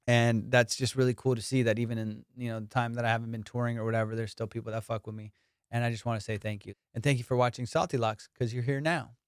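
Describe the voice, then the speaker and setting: A man hosting his comedy podcast in casual chat, telling profane, animated stories and laughing often. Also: mid-range voice, fast talker, clean tone, dry recording, studio quality.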